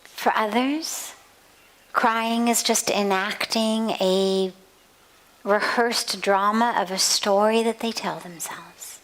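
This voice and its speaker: A woman spiritual teacher speaks at a gentle, unhurried pace, telling a story in a measured way. Her voice sits at a middle pitch. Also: steady tone, rough recording. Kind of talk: spiritual talk at a satsang. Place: outdoor garden.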